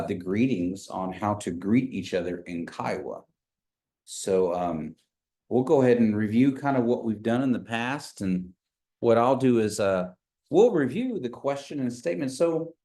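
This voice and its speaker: A man teaches a beginners' language class over a video call from an office, patiently slowing down whenever he repeats phrases. His voice is mid-range with a dark tone.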